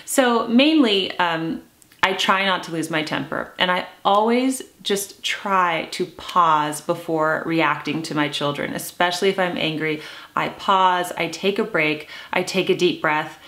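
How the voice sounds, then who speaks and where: Calm, earnest woman vlogger. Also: on the low side. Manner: calm, earnest, slows down to stress points. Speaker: lifestyle vlogger. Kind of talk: casual talk to camera.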